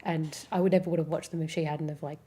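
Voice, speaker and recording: A woman in her twenties with a Melbourne Australian accent, chatting casually on a stream and reading out viewer comments in a relaxed, rambling way, swearing freely and filling her talk with "like". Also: low-pitched, fast, breathy edge.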